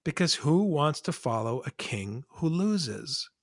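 A man's voice: fairly high pitch, very animated, slow, dry recording, studio quality. A man, a priest, discussing scripture emphatically and asking his listeners pointed rhetorical questions.

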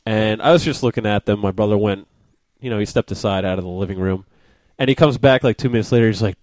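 A young adult man telling a story as a podcast guest, halting and laughing often. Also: fairly low pitch, a little mellow, no room sound. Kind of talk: casual chat.

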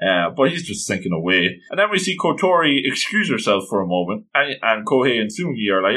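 Bright-voiced man recapping an episode. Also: fairly low pitch, fast talker, hardly any pauses. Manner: animated, quoting characters in passing. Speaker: anime recap commentator. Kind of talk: casual retelling of an episode.

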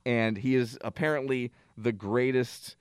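A man's voice: medium pitch, fairly even intonation, measured pace, clear, resonant tone, no room sound, studio quality. Rambling self-deprecating radio co-host man. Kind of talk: casual radio talk show chat.

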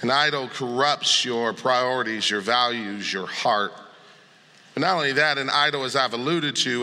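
A man preaching a sermon as pastor, animated and dramatic, acting out scripture with sarcasm. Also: medium pitch. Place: large church sanctuary. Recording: long hall reverb.

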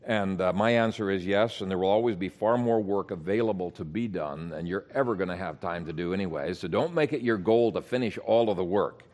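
A man's voice: deep voice, fairly quick, few pauses, a little mellow. A man preaching a sermon as pastor, explaining scripture in a teaching manner with emphasis.

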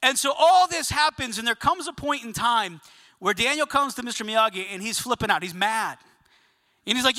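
A man delivers a sermon in a high, very bright voice, spinning an animated story and tossing questions out to his congregation. The sound rings with the long reverb of a large hall. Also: a little fast. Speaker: pastor.

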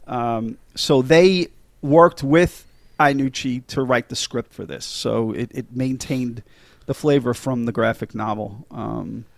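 A man's voice: medium pitch, slow, vocal fry, dry recording. A middle-aged man hosting a casual movie podcast, chatty and enthusiastic, with many fillers and restarts. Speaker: podcast host.

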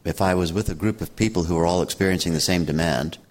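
An older man with a very low, calm voice tells a story at an unhurried pace. He sounds gently amused and settled, like a teacher talking easily in an interview. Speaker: meditation teacher. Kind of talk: reflective storytelling.

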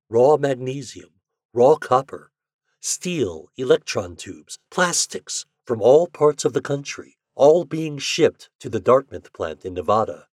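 A man narrating a dramatic story in a steady voice, building intensity as he goes. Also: lowish voice, breathy edge, no room sound, studio quality.

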